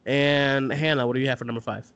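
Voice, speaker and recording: A man's voice: mid-range voice, fast, clean tone, no room sound, dull audio. A man co-hosting a movie podcast over a remote call, talking loosely and casually with many fillers. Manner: relaxed, loose, with frequent fillers. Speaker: podcast co-host, film editor. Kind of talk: casual chat.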